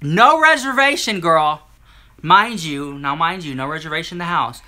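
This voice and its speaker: A man chatting to a live-stream audience, telling a story in an animated, sassy way and acting out the other people in it. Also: fairly high pitch, moderate pace. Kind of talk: casual storytelling to a live chat.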